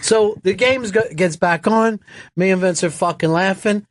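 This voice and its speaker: A man telling a wild, profanity-filled story on a radio talk show, acting out the shouts and laughing as he goes. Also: sits high, moderate pace, a little hiss or hum.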